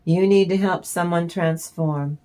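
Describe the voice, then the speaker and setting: A woman's voice: lowish voice, steady tone, unhurried, mellow. A woman giving a channeled tarot reading in a blunt, emphatic way, with swearing. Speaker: tarot reader.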